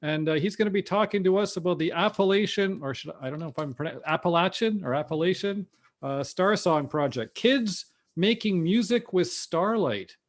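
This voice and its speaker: Man, host, video call, slightly high voice, stumbling intros. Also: animated, moderate pace, few pauses. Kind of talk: casual online event hosting.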